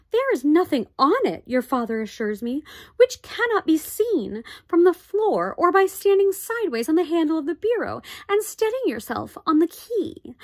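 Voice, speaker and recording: A woman's voice: sits high, voice pushed up. A woman voicing an anxious, strict tiny borrower mother who talks sharply and fussily in a storybook reading. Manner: sharp, scolding, fussy.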